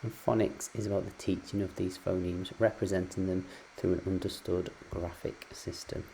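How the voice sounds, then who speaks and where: A man's voice: deep voice, level tone, moderate pace, creaky, mellow, a little hiss or hum, poor audio. A man teaching phonics in a patient, explanatory way, with frequent ums and uhs. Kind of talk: recorded lecture on phonics.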